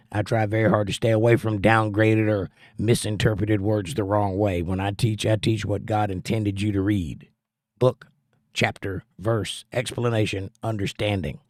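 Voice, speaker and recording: Middle-aged american guy, low voice, earnest preachy livestream chat, dry close mic. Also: no echo. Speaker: livestream host and Bible teacher. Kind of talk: casual chat and Bible teaching.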